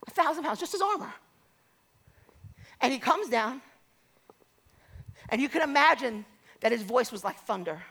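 A woman's voice: fairly high pitch, lively intonation, moderate pace, vocal fry, pauses often, a bit bright, slightly rough. A woman preaching a sermon, telling stories and acting out the voices of the people in them before calling out to the congregation. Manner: storytelling, acts out quoted voices, builds to exhortation.

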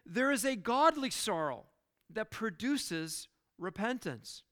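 A man's voice: extremely high pitch, a bit bright. A man preaching a sermon in church, earnest and full of rhetorical questions, often repeating words as he builds a point. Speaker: pastor.

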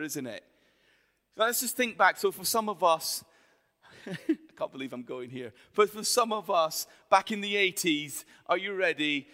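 A man in his forties speaks with a Yorkshire accent, telling stories from the pulpit in a chatty, joking way. His voice sits a little high and sounds bright and forceful. A long reverb hangs behind it, as in a large hall. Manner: chatty, jokey storytelling with the crowd. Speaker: pastor. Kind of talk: sermon.

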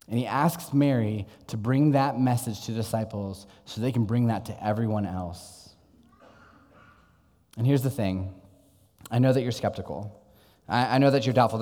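A man's voice: mid-range voice, darkish tone. Young male pastor preaching in a reverberant church. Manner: conversational storytelling preacher. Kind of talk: sermon.

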